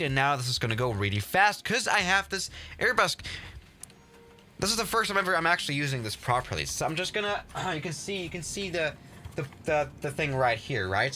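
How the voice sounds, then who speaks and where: A livestream host comments casually on his game, rambling, exasperated, and swearing mildly. His voice runs on the high side and sounds pushed and bright.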